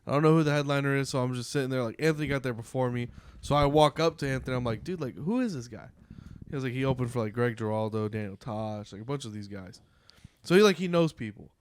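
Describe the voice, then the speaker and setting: A man co-hosting a podcast, telling an excited, profane story in casual chat. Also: medium pitch, quick pace, a little hiss or hum. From California. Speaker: podcast co-host.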